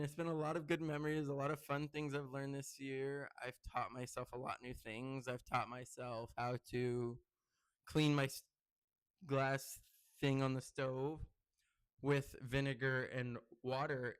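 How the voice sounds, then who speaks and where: A young man hosting his own podcast, chatting casually and rambling through stories with many fillers. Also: dry recording. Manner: gets loud and high-pitched when excited. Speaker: podcast host. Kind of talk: casual solo podcast chat.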